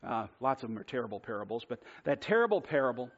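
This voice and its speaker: A man's voice: mid-range voice, sing-song, quick pace. A man preaching a sermon, telling a self-deprecating personal story in a conversational way. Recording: dull lo-fi sermon recording.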